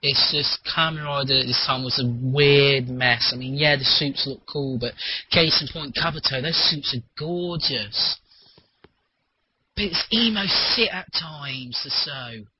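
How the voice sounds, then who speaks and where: A man talking in a rambling, animated casual chat, swearing freely, on a muffled lo-fi recording. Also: medium pitch, unhurried, slight background noise.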